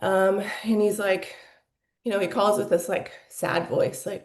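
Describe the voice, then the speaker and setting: A woman's voice: medium pitch, fairly even intonation, a little slow, a little mellow, roomy sound. A woman in her forties telling her personal story as a podcast guest, candid and emotional, with lots of "like" fillers. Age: 40s.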